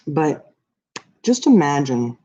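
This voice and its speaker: Over dull, lo-fi stream audio, a livestream host meanders through a hypothetical with her viewers, using lots of filler words. She speaks slowly yet very animatedly, in a deep voice with a dark tone.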